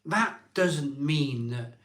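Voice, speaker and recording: A man in his forties hosting a live stream, talking slowly and emotionally with many ums and restarts. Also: fairly high pitch, expressive, fairly bright tone. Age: 40s. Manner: slow, halting, full of ums and restarts. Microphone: phone.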